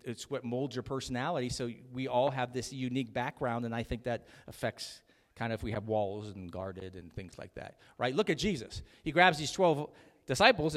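A middle-aged male pastor preaching a chatty, joking sermon, calling out to his congregation. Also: mid-range voice. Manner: chatty, jokey preaching with audience call-outs. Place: church sanctuary. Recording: long hall reverb.

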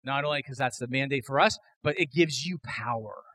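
A man preaching a sermon as pastor, emphatic, building to loud repeated declarations. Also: mid-range voice, a little fast, no echo, rough recording.

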